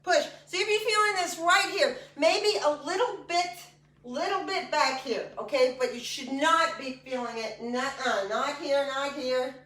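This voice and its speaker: A woman's voice: sits high, measured pace, sharp tone, recorded from a distance. A woman fitness instructor guiding a class through exercises in a chatty, encouraging way with joking asides. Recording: echoey room, voice from off-mic.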